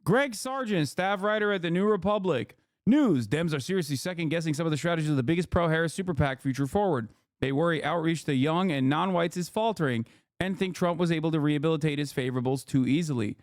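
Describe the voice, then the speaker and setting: A man's voice: on the high side, quick pace, dry recording, studio quality. A man streaming from his living room, giving profane, exasperated political commentary. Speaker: Twitch streamer.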